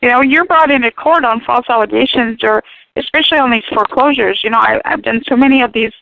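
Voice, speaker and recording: A woman's voice: a little high, quick pace, gravelly, no room sound. A woman speaking as a radio guest in an impassioned, preachy, emphatic way. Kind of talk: animated talk radio discussion. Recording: tinny phone-line radio audio.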